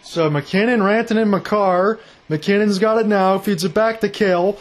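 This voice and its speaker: A man calling live hockey play-by-play, rapid and excited, rising with the action. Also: high-pitched. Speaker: play-by-play announcer.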